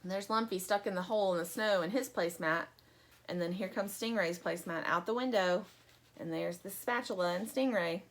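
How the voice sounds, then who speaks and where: A woman reading a children's story aloud in an expressive, animated way. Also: lowish voice, brisk.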